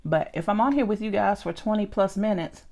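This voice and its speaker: A woman's voice: medium pitch, a little fast, warm tone. A woman chatting casually as she eats on camera, rambling and laughing often. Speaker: mukbang vlogger. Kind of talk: casual chat while eating.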